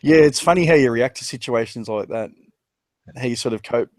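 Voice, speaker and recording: A man with an Australian accent telling a personal story in casual chat, laughing and animated as he quotes others. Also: medium pitch, fairly quick, no echo. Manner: laughs while telling stories, animated when quoting others. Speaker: discussion participant.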